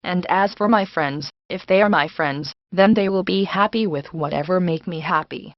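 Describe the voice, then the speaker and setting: A woman voicing a middle-aged male boss who speaks in a calm, measured, firm way, in a dull, lo-fi recording. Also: fairly low pitch, dry recording, close to an everyday voice.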